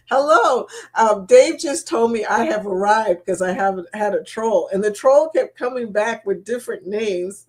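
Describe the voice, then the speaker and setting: Slow-talking giggly woman host. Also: medium pitch. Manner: giggly, laughs often, greets viewers by name. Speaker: livestream host. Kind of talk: casual live-stream chat. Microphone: laptop mic.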